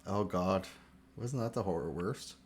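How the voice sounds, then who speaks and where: A man's voice: low-pitched, unhurried, darkish tone, slight background noise. A man co-hosting a casual podcast, chiming in with dry, teasing remarks. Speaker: co-host.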